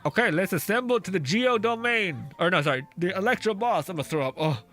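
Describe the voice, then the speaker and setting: Bright, loose-talking male streamer. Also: high voice, animated, quick pace. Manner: swears often, reads chat aloud, laughs easily. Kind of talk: casual live-stream chat while gaming. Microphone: face mask on while talking. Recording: faint music behind the voice.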